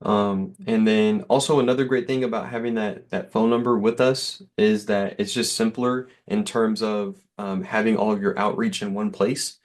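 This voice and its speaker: A man's voice: fairly low pitch, steady tone, moderate pace, few pauses. A man giving an easygoing, reassuring sales demo over a call, with lots of fillers. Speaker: software sales rep.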